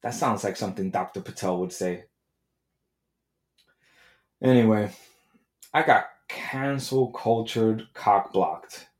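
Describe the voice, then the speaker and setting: A man's voice: fairly low pitch, big pitch swings, moderate pace, darkish tone, echoey room. A man hosting a podcast, telling a comedic story in a brash, profane rant. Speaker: podcast host. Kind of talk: comedic monologue.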